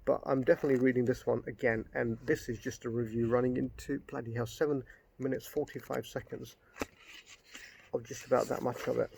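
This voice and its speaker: A man's voice: mid-range voice, level tone, a little fast, gravelly, darkish tone, a little hiss or hum. A middle-aged man giving a casual spoken book review, rambling, getting worked up and swearing.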